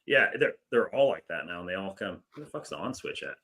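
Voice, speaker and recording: A man with a low voice and a bright, forceful edge, chatting about football in a laid-back, swear-filled way. He tells fan stories and gripes about ticket prices. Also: very animated, quick pace, breathy edge. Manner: laid-back, profane, laughs through stories. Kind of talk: casual sports chat.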